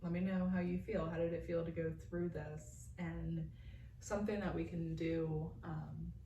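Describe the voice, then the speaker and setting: A young woman vlogger in a casual chat, guiding a meditation in a soft, rambling, slightly nervous way with many fillers. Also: lowish voice, fairly even intonation, measured pace, a little hiss or hum. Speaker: vlogger leading meditation and oracle card chat.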